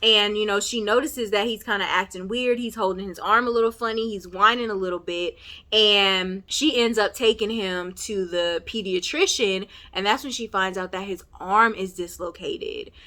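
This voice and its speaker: A woman casually recapping and reviewing a TV episode, chatty and full of fillers like "you know", with animated outbursts. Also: medium pitch, moderate pace. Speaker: TV recap vlogger.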